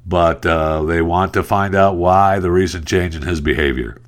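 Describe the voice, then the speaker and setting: A man's voice: sits low, moderate pace, smooth. A male talk host rambling through news items in a wry, joking way and telling a long joke. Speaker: radio host. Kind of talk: casual talk-show monologue.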